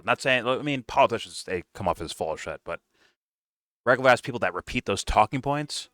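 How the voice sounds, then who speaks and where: Deep-voiced man reacting to a clip. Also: lively intonation, bright, forceful tone, no echo, clean studio sound. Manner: rambling, profane, pauses the clip to comment. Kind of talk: casual reaction commentary.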